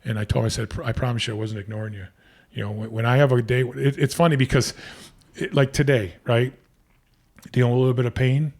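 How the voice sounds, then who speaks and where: A man's voice: mid-range voice, little pitch movement, fast, a little mellow. A man in his fifties, a podcast guest, telling long casual stories with many restarts and fillers. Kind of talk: casual storytelling.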